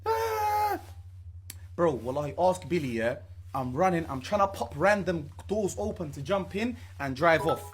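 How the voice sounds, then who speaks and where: A man's voice: fairly high pitch, expressive, normal speed. A man dramatically retelling a scary encounter in a casual clip. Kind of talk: casual storytelling.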